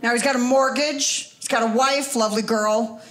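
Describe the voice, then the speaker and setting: A woman's voice: on the high side, fairly even intonation, normal speed, fairly bright tone. An older woman performing a stand-up comedy set, chatting with the audience and teasing them. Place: comedy club stage before a live audience.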